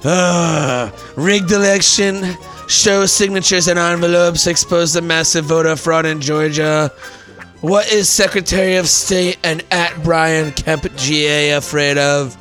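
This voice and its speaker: Guy putting on a bragging old politician voice, drags every word out, kinda high. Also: steady tone, fairly bright tone, faint music behind. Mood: worked up. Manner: slow, emphatic, repetitive boasting. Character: blustering older male politician, boastful.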